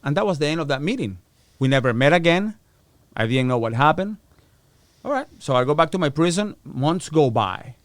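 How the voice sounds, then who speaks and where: Man, middle-aged, podcast guest, casual and profane storyteller, slightly high voice, lots of pitch swings, dry close mic. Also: fairly quick, dry recording. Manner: animated storyteller acting out quoted voices. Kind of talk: storytelling interview.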